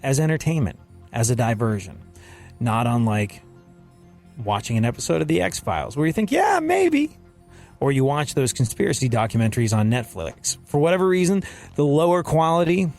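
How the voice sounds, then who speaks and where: A man hosting a talk show, giving an animated, sarcastic and preachy comedic monologue. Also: mid-range voice, a little fast, creaky, faint music behind. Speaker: show host.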